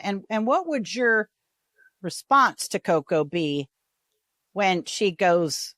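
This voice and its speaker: A woman hosting a podcast in casual interview chat, talking in a chatty, animated way and acting out the voices she quotes. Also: medium pitch, slow pace, pauses often, dry recording, clean studio sound. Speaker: podcast host.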